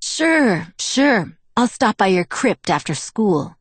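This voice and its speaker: A woman's voice: fairly low pitch, lively intonation, slow, no echo. A woman reading the part of a hot-headed, sarcastic teenage male werewolf who sneers and pushes back.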